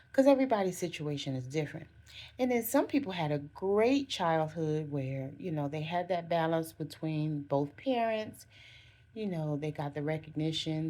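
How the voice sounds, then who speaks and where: A woman vlogger speaks in a relaxed, conversational way, sharing reflective self-help thoughts. Her voice sits a little low and sounds warm and mellow. She keeps circling back with "again" and "you know" and corrects herself mid-sentence.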